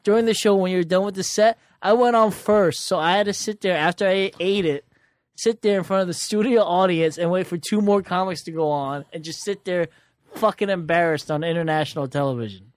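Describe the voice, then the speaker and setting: A man's voice: high-pitched, brisk, no echo. A young man, a comedian, telling stories in a casual chat in a dry, sarcastic way with a lot of swearing. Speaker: comedian guest.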